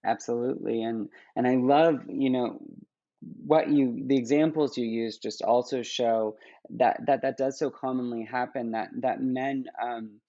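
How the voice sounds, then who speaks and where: A man talks as an interview guest in a flat, gravelly voice, stopping and restarting his sentences often. The sound is dry and a little muffled. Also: mid-range voice, no room sound. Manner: halting, many restarts and fillers. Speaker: guest, app founder. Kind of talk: casual interview talk.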